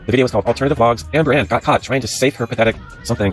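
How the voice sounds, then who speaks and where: Fast-talking man reading screenshots. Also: mid-range voice, soft background music. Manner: rambling, sarcastic asides. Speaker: channel host.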